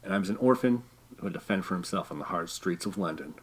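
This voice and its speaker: A man's voice: low voice, quick pace, slightly rough, voice pushed down. A man voicing an earnest orphan coroner who is a detective's deferential sidekick.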